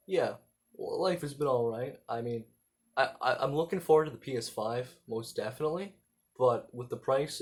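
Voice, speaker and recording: Husky, rambling young man. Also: mid-range voice. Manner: rambling, halting, with many fillers and profanity. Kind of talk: casual vlog monologue. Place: indoor room at home.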